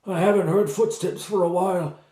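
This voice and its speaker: A man's voice: high voice, steady tone, brisk, dark tone, echoey room, distant mic, pitched above the performer's own voice, natural voice. A man voicing an older male knight who has been held captive, speaking in breathless, quavering exclamations. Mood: weak, fretful.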